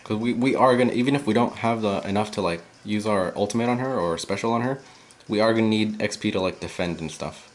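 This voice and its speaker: A man's voice: lowish voice, fast talker. A young man casually commentating a video game, thinking aloud with lots of fillers as he plays. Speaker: gameplay commentator. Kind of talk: casual let's-play commentary.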